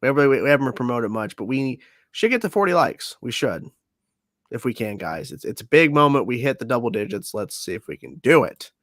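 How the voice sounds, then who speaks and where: A man's voice: medium pitch, big pitch swings, fairly quick, fairly bright tone, dry recording, clean studio sound. A man hosting a casual livestream chat, hesitant and unsure, often trailing off with "I don't know.". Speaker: host.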